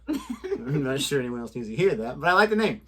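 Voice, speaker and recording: A man's voice: mid-range voice, sing-song, moderate pace, pushed and bright. A young man co-hosting a reaction video, chatting casually, joking and laughing often. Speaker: reaction channel co-host.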